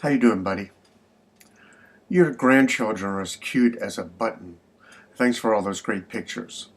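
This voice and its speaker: A man's voice: on the low side, measured pace, slightly rough. An older man telling a joke in a friendly, folksy way, as a message to a friend. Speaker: joke teller. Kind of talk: casual spoken joke message.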